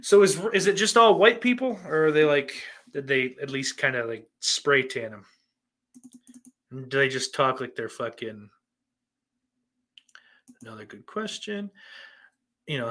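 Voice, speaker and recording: A man's voice: mid-range voice, expressive, a little slow, pauses often, fairly bright tone. A man hosting a podcast, reading out listener questions in a rambling, profane and sardonic way. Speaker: podcast host.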